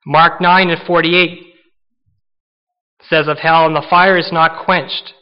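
A man's voice: on the high side, little pitch movement, takes it slowly, clear, resonant tone, highs cut off. A man preaching an earnest sermon, acting out the voices of the people in the stories he tells. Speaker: pastor.

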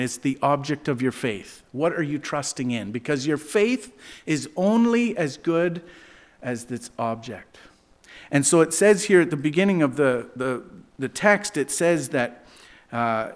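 A middle-aged man preaching a sermon, telling a humorous travel story and laughing at his own jokes. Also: medium pitch. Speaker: pastor.

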